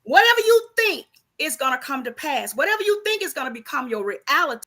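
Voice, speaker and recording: Woman with a high bright voice, preachy and emphatic, keeps asking you know what im saying. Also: sing-song, fairly quick. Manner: emphatic, preachy, repeats rhetorical questions. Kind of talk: casual faith-based conversation.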